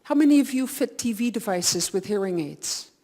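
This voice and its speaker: A woman audiologist from the Netherlands giving an energetic, blunt talk to hearing care professionals in a lecture hall, often acting out what her patients say. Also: medium pitch, moderate pace. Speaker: audiologist, conference speaker. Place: lecture hall with a live audience.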